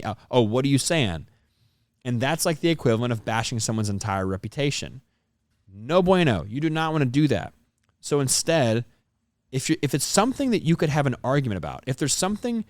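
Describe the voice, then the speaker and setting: A man with a mid-range voice gives earnest relationship advice. He hammers his points home, says them twice, and swears now and then. The sound is dry and close, with no room echo. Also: medium pitch. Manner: emphatic, repeats key points, swears casually. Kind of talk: casual advice monologue.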